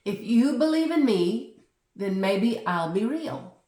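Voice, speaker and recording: A woman voicing a calm, friendly tiger who speaks gently and thoughtfully. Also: fairly high pitch, slow, recorded from a distance, voice pushed up. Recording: roomy echo.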